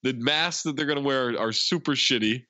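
Guy on a movie podcast, bright lively voice, laughing through scene recaps, dull dry mic. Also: mid-range voice, normal speed, no echo. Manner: animated retelling of film scenes, laughing often. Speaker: podcast co-host. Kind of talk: casual movie podcast chat.

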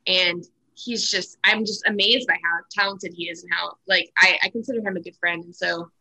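A young woman, a former reality cooking contestant, telling her story as an interview guest in a chatty, animated way with lots of fillers. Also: on the low side, normal speed, gravelly, low-quality recording. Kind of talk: casual interview chat.

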